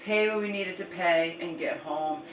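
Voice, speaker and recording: A woman's voice: fairly low pitch, normal speed, roomy sound, recorded from a distance, a little hiss or hum, low-quality recording. A woman vlogging a rambling, exasperated story and retelling arguments, swearing now and then.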